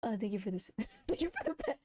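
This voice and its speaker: Giggly VTuber woman, lively pitch. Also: breathy edge. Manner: giggly, self-mocking, exclamatory. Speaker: VTuber streamer. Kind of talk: casual stream chat reacting to old footage.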